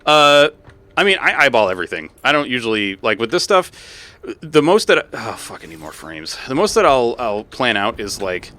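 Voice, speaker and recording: A man streaming a factory-building game, chatting with viewers in an animated way and breaking into exasperated, swearing outbursts. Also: fairly low pitch, brisk, hardly any pauses. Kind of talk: live gameplay commentary.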